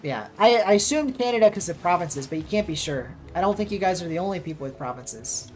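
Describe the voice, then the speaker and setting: A streamer and caster from the United States speaks in a lowish, slightly mellow voice, animated and quick. She chats casually with viewers as she plays, reacting to the match and what comes up in chat.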